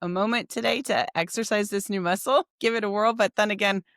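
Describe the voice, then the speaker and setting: A woman hosting a podcast interview who reflects out loud with enthusiasm. She has a middle-pitched voice, and the recording is dry and close with no room sound. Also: steady tone, fairly quick, no room sound. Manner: reflective and enthusiastic, thinking aloud. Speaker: podcast host.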